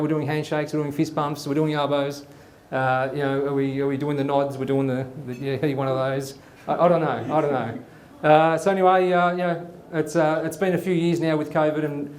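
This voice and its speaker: A man's voice: on the high side, steady tone, brisk, few pauses, darkish tone, roomy sound. A man hosting a live comedy show, telling rambling stories with lots of fillers. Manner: rambling, chatty, many fillers. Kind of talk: live stand-up storytelling. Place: studio before a live audience.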